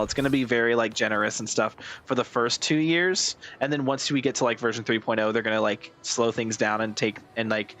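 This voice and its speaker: Male streamer, casual game chatter, rambling, fillers, mid-pitched voice, soft music behind. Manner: rambling, filler-heavy, wry. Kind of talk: casual gaming commentary.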